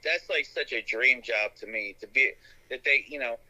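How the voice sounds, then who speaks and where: A man hosting a casual podcast chat, with a sharply bright, cutting tone at a middle pitch. He talks enthusiastically and wanders through his thoughts with frequent restarts. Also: normal speed, poor audio. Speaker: podcast host.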